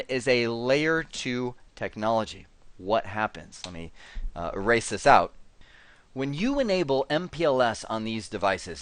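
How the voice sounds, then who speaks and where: A man teaching networking at a whiteboard, animated and chatty, acting out devices in quoted voices as he explains. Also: mid-range voice, no room sound. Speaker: networking instructor. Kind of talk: whiteboard technical lecture.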